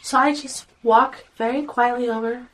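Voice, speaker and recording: A woman playing a tabletop game, speaking gently and explaining patiently in character. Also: a little high, steady tone, moderate pace, low-quality recording. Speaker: player.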